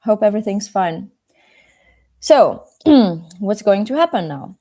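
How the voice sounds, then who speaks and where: A woman language teacher reading a children's story aloud in a live lesson, chatting casually and filling pauses with "like" and "uh.". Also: mid-range voice, lively intonation, mellow. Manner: casual and chatty, with frequent fillers. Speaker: Czech teacher.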